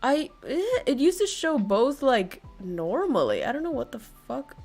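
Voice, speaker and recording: Woman streamer, high voice, unhurried delivery; excitable, laughs and swears a lot; faint music underneath. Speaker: livestreamer. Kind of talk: casual livestream chat.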